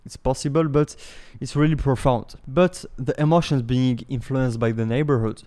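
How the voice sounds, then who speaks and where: Mellow-voiced man explaining a meditation technique. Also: mid-range voice, moderate pace. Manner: animated, explanatory, swears casually. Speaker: meditation teacher. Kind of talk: casual spoken teaching.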